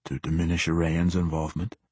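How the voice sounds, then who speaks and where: A steady, thoughtful ranger, as a male narrator reads him in an audiobook, with a low, husky voice. The recording is dry and close to the mic. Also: brisk, dry recording. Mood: earnest. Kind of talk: audiobook character voice.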